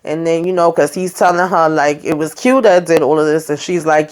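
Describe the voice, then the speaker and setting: A woman's voice: low voice, fairly even intonation, a little fast, hardly any pauses, darkish tone. A woman hosting a casual TV recap, chatty and slangy, talking straight to her viewers and acting out the characters' lines as she goes. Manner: acts out characters' lines while retelling. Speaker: YouTube host.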